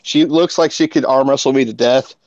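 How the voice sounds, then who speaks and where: A man's voice: mid-range voice, brisk, a little mellow, no echo, highs cut off. A man telling jokes and stories in a casual group video chat, often laughing. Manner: joking storyteller, laughs at his own jokes.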